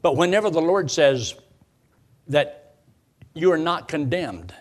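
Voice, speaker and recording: Animated preacher man with lively pitch. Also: slow. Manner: repeats phrases for emphasis; quotes scripture in old-style wording. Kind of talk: sermon.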